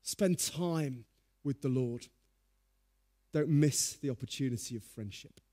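A man preaching a sermon, telling stories in a lively, humorous way. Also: mid-range voice, unhurried.

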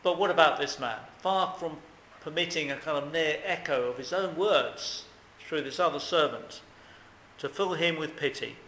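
A man preaches with earnest emphasis, putting questions to his congregation. His voice is bright and a little high. The recording carries a roomy echo with faint ambient noise behind it. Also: normal speed. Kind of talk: sermon.

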